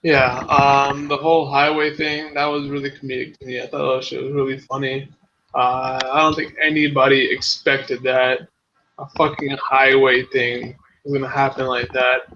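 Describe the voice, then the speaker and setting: A man's voice: mid-range voice, level tone, normal speed, pushed and bright. A man co-hosting a casual movie review chat, laid-back and profane, hesitating with many ums, on a dull lo-fi recording with faint hiss. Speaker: podcast co-host.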